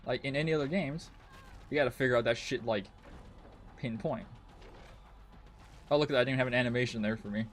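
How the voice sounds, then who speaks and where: A man's voice: medium pitch, brisk, pauses often, soft background music. A man streaming a game, ranting in frustration and swearing a lot as he comments on his play. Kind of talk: live gameplay commentary.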